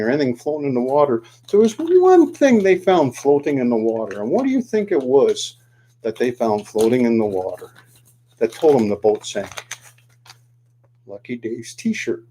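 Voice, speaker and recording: A man telling a folksy story, animated, asking the listener questions as he folds a paper boat. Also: mid-range voice, slight background noise. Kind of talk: oral storytelling to the camera.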